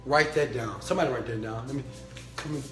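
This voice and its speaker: Male motivational preacher with a bright, forceful voice who goes from murmurs to shouted chants, recorded in a roomy space. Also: mid-range voice, fast. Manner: blunt and profane. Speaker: motivational speaker and mentor. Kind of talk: fired-up motivational talk to an online audience. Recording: echoey room with faint music.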